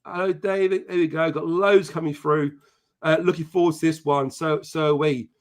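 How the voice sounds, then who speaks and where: Male host, brisk and profane, slightly high voice, reeling off viewer shout-outs. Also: steady tone. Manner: chatty and profane, greeting viewers by name. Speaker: podcast host. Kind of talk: casual live-stream chat.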